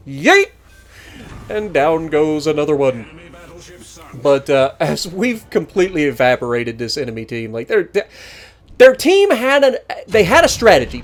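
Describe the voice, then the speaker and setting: A man hosting a gaming channel, giving animated, joking gameplay commentary and teasing his opponents. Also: on the high side, a little hiss or hum.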